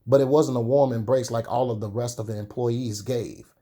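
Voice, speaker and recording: With a steady, warm, mellow voice at an everyday pitch, this young man from Chicago opens up to his vlog audience. He's a sneaker vlogger who chats through his story with lengthy pauses.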